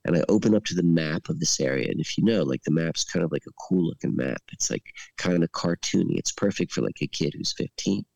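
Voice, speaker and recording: A man's voice: low voice, a little fast, gravelly, few pauses, no echo. A man telling a long, rambling story in casual chat, full of fillers, laughing as he goes. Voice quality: rambling, heavy use of "like". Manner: animated, laughs while telling. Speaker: podcast storyteller.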